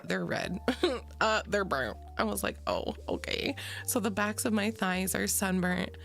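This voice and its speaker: A woman's voice: mid-range voice, vocal fry. A woman streamer chatting casually with her live chat in a sleepy morning voice, giggly and rambling, swearing freely.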